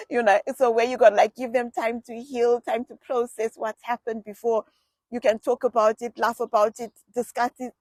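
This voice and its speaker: A middle-aged woman from England telling personal family stories in a chatty, animated vlog style, often repeating herself. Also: on the high side, gravelly, no room sound. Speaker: vlogger. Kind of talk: casual personal storytelling.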